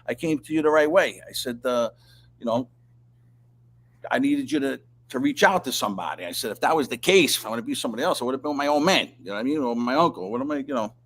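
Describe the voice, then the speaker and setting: A man telling a long, rambling story in casual chat, swearing constantly and clearing his throat often. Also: mid-range voice, animated, quick pace, fairly bright tone, a little hiss or hum. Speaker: interview guest.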